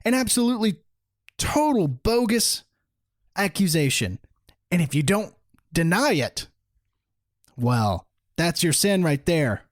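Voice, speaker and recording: A man's voice: high voice, big pitch swings, slow, long pauses, no echo, clean studio sound. A man hosting a solo political podcast, talking in an indignant, mocking way and laughing at his own points. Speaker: podcast host.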